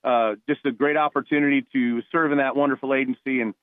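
Fast and smooth, with fairly even intonation, this mid-range male voice belongs to a retired New Jersey police officer who played ball in college. Phoning into a radio interview, he tells heartfelt, rambling stories with many restarts. The line is tinny and dry, with no echo.

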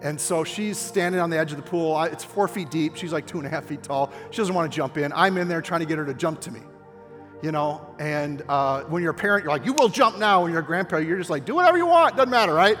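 An older man preaching with fervent energy in a high, bright voice that climbs toward near-shouts at the key points. His words ring out with a long hall reverb, and soft music plays faintly underneath. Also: fast talker. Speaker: pastor. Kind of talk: sermon.

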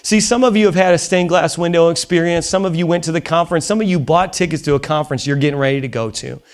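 A man preaching a sermon in a church, impassioned, dropping to a hush and rising to near shouts. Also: a little high, fast. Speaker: pastor. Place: church auditorium.

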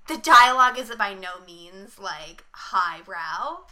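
Young woman podcaster, bright sharp voice, chatty and wry, swears casually. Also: medium pitch, lively intonation, slow pace. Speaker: podcast co-host. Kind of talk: casual chat.

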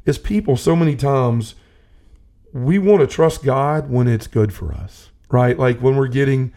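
A man's voice: mid-range voice, lively intonation, unhurried, warm tone. A man telling a personal faith story in casual conversation, earnest and rambling with many restarts. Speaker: podcast host. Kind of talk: personal testimony in casual talk.

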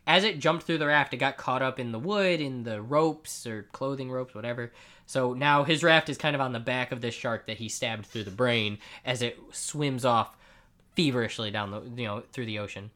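A man chats casually on a podcast about a comic he has been reading. His voice is bright and clear, and he keeps the talk lively by acting out the characters' lines in quick little voices as he summarizes the story. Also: medium pitch. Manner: animated, does quick character voices while retelling. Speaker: podcast co-host. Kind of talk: casual comic book discussion.

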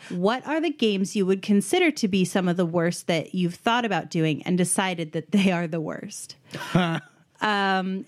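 Easygoing woman podcast co-host. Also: mid-range voice. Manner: easygoing, light laughs, reads questions aloud. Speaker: podcast co-host reading listener questions. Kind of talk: casual podcast chat.

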